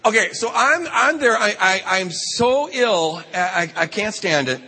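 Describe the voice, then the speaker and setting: A man's voice: high voice, expressive, unhurried, pushed and bright, slightly rough. A man speaking at a retreat, telling a funny story with lots of stammered restarts. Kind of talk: humorous storytelling talk. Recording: long hall reverb.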